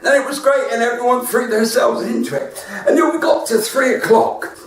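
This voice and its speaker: A man's voice: very high-pitched, moderate pace, slight background noise. An older comedian with a West Country accent, telling stories in a live stand-up show from his front room and laughing at his own jokes. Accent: West Country English. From West Country of England. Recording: roomy, distant home recording.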